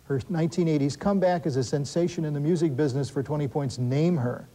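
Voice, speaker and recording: A man hosting a school quiz show, reading questions briskly and adding wry asides and corrections for the teams. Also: fairly high pitch, dark tone, rough recording. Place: television studio.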